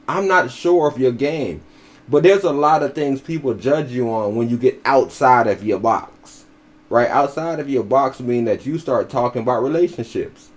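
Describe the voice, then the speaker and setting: A man's voice: medium pitch, animated, moderate pace. Blunt, profane male podcast commentator. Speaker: podcast co-host. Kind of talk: casual commentary.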